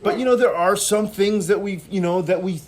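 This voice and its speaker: Young guy, kinda high voice, laid back, lots of "you know"s in casual chat. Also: a little mellow. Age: young adult. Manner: easygoing, measured, fills with "you know". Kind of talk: casual conversation.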